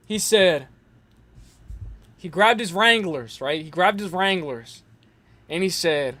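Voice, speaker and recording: A man's voice: high-pitched, unhurried, pauses often, fairly bright tone. A young man hosting a casual livestream, rambling in slangy talk full of fillers and restarts. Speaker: host.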